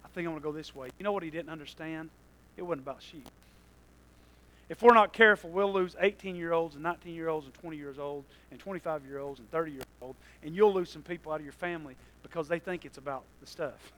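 A man preaching a sermon, moving between quiet asides and loud passages and laughing at his own jokes. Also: a little high, quick pace, a little hiss or hum, poor audio. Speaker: pastor.

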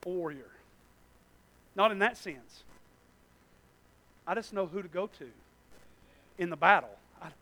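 A pastor preaching a sermon, swinging from soft, mumbled asides to loud, stretched-out cries. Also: male voice, high-pitched, dry recording.

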